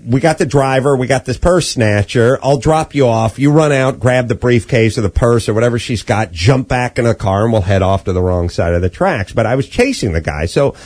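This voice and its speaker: A man's voice: medium pitch, a little fast, few pauses, a little mellow, no echo. A middle-aged man hosting a podcast, telling a casual story in a wry, profane way and acting out the voices of the people in it. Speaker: podcast host.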